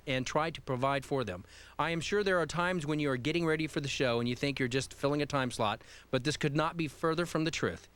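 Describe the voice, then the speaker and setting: A man's voice: fairly high pitch, fairly bright tone. A man hosting a live call-in radio show, upbeat and joking as he reads a listener email and talks to a caller. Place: radio studio.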